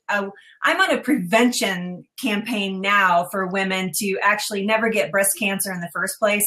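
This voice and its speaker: A woman's voice: mid-range voice, fairly bright tone. A woman, a breast cancer survivor, telling frank, chatty stories in a casual panel talk.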